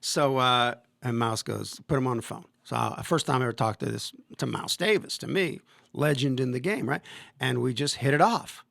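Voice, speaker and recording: A man's voice: medium pitch, normal speed, vocal fry, fairly bright tone, dry recording, clean studio sound. A man in his fifties, a football coach hosting a podcast, telling long stories in a rambling way, with many fillers and restarts. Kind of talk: casual storytelling interview.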